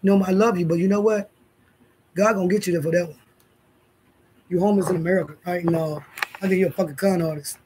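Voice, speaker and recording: A woman's voice: on the low side, fairly even intonation, quick pace, pauses often, warm tone, a little hiss or hum. A woman hosting her own vlog, talking straight to her viewers in a blunt, profane way. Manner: blunt, profane, addresses viewers and others directly. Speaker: YouTube channel host.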